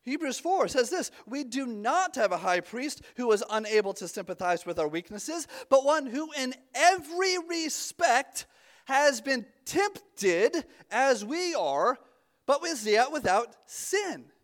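A pastor preaching a conversational sermon, often restarting his words and dropping suddenly to a hush. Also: very high voice, sing-song, slow.

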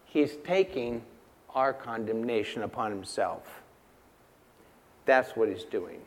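A man preaching a sermon in a church, emphatic and unhurried, asking the congregation rhetorical questions and repeating key lines. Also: mid-range voice. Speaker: pastor.

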